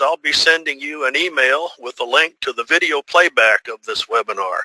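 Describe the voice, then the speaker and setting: A man hosting a webinar, reading smooth, polite announcements and introducing the speaker. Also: a little high, normal speed, bright, forceful tone, no echo, low-quality recording. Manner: smooth, polite, well-rehearsed. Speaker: webinar host. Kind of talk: scripted announcement.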